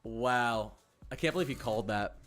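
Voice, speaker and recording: Excitable young male weather streamer. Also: mid-range voice, moderate pace, soft background music. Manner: chatty, excitable, heavy use of "like". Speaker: weather livestream host. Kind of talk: casual live-stream chat.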